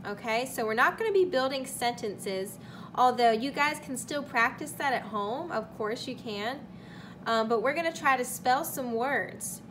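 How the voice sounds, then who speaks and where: A woman's voice: on the high side, animated, fairly bright tone, slight background noise. A young woman teaching a recorded kindergarten lesson, carefully sounding out words for young children. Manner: slow, deliberate sounding-out of words.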